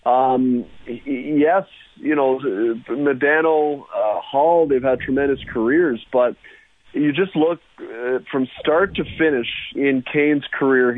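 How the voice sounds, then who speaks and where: A man's voice: mid-range voice, dry recording. A man calling in as a guest on a sports radio show, talking hockey in a rambling, enthusiastic way. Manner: rambling, enthusiastic, restarts often. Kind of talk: casual sports radio chat. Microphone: phone. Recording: tinny phone line.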